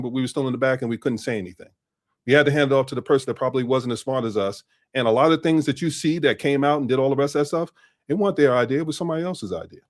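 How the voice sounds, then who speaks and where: A man's voice: a little high, darkish tone. A man in his fifties, a guest on a casual interview, telling stories in a mix of street slang and business talk and repeating his phrases.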